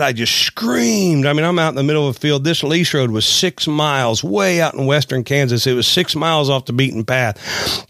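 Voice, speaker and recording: A man's voice: on the high side, fairly bright tone, no room sound, clean studio sound. A middle-aged man preaching a sermon, telling a personal story in an earnest, folksy way.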